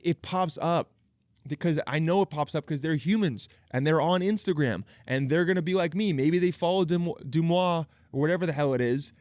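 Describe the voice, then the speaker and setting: A man's voice: fairly high pitch, a little mellow, no echo, clean studio sound. A man in his thirties hosting a podcast alone, talking in a rambling, profane, comedic monologue full of restarts, recorded outdoors near water. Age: 30s. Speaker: podcast host. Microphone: video podcast camera setup.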